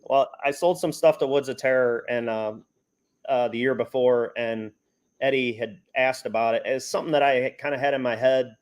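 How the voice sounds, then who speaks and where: An easygoing man chatting on a livestream over a video call. He talks in a middling pitch, pausing often and filling gaps with hesitant ums. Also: fairly even intonation. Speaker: haunt prop builder guest. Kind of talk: casual chat on a livestream.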